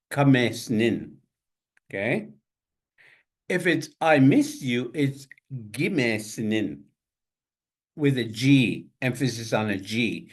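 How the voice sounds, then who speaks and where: An older man teaching a language class over a video call, saying each word slowly several times and spelling it out letter by letter. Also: mid-range voice. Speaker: language instructor. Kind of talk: online language lesson.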